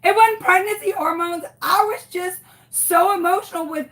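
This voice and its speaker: A woman's voice: very high voice, moderate pace, few pauses, a bit bright. A young woman telling a story in a casual, dramatic way, acting out the voices of the people in it. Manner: dramatic, exaggerated retelling with quoted voices. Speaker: craft vlogger.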